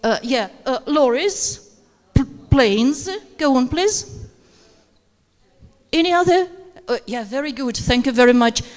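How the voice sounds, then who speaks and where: A teacher trainer, a woman, leads a live workshop before an audience in a conference room, captured in a reverberant hall recording. Her high voice has lively intonation, and she speaks a little slowly with long pauses, hesitant and filler-heavy as she urges participants to take turns.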